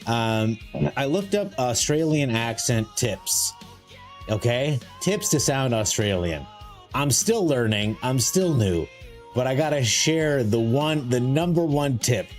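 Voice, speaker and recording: Casting: jokey male streamer, mid-pitched, rambles and teases himself, faint music behind. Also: expressive, takes it slowly. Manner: rambling, jokey, self-mocking; greets viewers in a high sing-song voice. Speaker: live streamer playing a card game. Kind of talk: casual live-stream chat.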